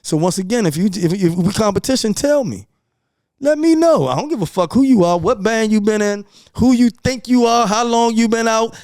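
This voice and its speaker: Man, podcast guest, brash, ranting, fairly high voice, clear, dry close sound. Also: animated, normal speed, a little mellow, dry recording. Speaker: podcast guest, music promoter. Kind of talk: casual podcast chat.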